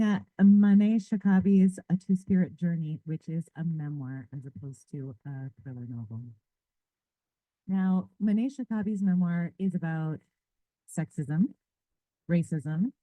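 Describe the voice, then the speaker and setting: A woman's voice: on the low side, no echo. A woman librarian giving an earnest, prepared debate speech to a live audience, building long lists of short phrases. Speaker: librarian defending a book in a debate. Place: public library event. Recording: thin, phone-like dry audio.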